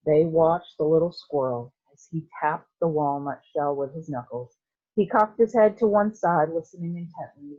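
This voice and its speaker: Low-voiced woman teacher reading aloud. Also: normal speed, mellow, muffled recording. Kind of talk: reading a novel aloud to students.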